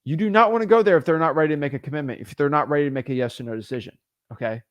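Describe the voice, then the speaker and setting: A man teaching real estate wholesaling in an energetic, animated way, often restarting and repeating words as he talks. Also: a little high, racing, no room sound, highs cut off. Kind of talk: energetic teaching with phone role-play. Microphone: studio microphone.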